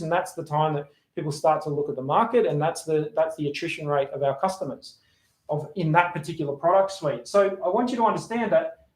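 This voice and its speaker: A man giving a sales training talk, energetic, acting out sample phone calls as he explains. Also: fairly high pitch. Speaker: sales coach. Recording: roomy echo.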